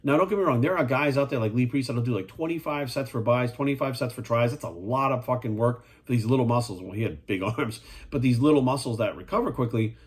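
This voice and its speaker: A man's voice: mid-range voice, fast, hardly any pauses, slightly rough. A man talking as a fitness coach in a casual monologue, blunt and profane, firing rhetorical questions at the viewer.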